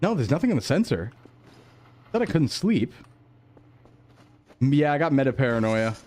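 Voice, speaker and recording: A man's voice: medium pitch, big pitch swings, normal speed, darkish tone. Rambling male streamer chatting casually. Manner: rambling, talks to himself and chat; jumpy, easily startled. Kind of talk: casual gameplay chat.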